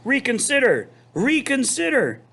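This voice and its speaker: A shrill, excitable female goose who bosses everyone around and says everything twice, as a man reading aloud puts her on. Her voice leaps far above his own, loud, emphatic and drawn out, in a bouncy storybook manner. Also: unhurried, gravelly, exaggerated voice. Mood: insistent. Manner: repeats every phrase, shrill and insistent.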